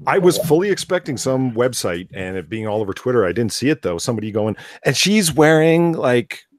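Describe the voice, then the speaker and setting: A man's voice: fairly low pitch, expressive, quick pace, a little mellow, slight background noise. A man chatting sarcastically and with animation on a live stream. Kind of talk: casual chat on a live stream.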